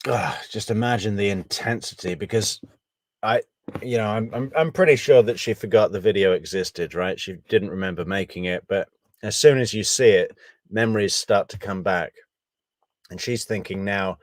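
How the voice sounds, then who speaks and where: A man giving casual, analytical true crime commentary, measured and thinking aloud, with wry asides. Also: lowish voice, dry recording.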